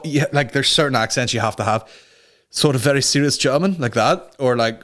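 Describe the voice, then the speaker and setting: A man's voice: mid-range voice, fairly quick, fairly bright tone. A man hosting a comedy podcast, ranting casually with lots of swearing and rambling asides. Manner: sweary, rambling, slips into mock voices. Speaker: podcast host.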